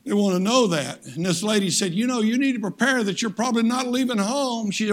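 A man's voice: sits high, fairly quick, few pauses. A man preaching a sermon emphatically, repeating phrases for stress and calling on the congregation to answer. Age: 60s. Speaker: guest preacher.

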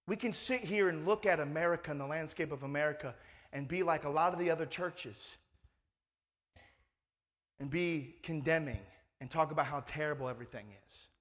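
A man's voice: fairly high pitch, a bit bright. A male pastor preaching a sermon in a conversational, emphatic way, full of rhetorical questions.

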